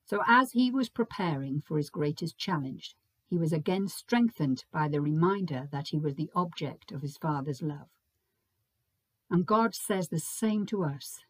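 A woman preaching a Sunday sermon in a measured, gentle and reflective way. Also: low-pitched, no room sound. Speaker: preacher leading a Sunday service.

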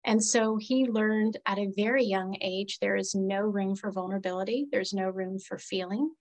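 A woman's voice: mid-range voice, normal speed, low-quality recording. A woman speaking as a therapist in a casual conversation, earnest and reflective. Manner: earnest, reflective, quotes clients in lively voices. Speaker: therapist guest.

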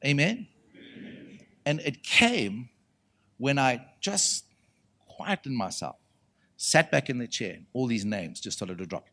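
A man with a South African accent preaches a conference sermon in a mid-pitched voice. He talks to the crowd in a conversational way, sinking to quiet, slow phrases and then swelling loud as he calls for answers. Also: animated. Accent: South African English. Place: conference hall before an audience.

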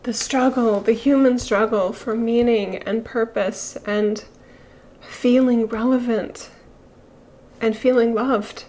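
A middle-aged woman spiritual teacher speaking slowly and haltingly, emotional and near tears, with pauses and sighs. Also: on the high side, fairly even intonation, warm tone. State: emotional, tearful. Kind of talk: reflective spiritual talk.

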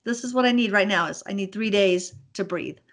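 Earnest woman guest, mid-pitched, reflective storyteller, quick to laugh. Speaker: interview guest, business speaker.

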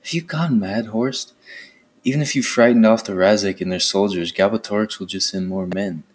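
A man's voice: lowish voice, moderate pace, breathy edge. A man reading aloud and voicing an angry villager who reproaches the others. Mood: reproachful.

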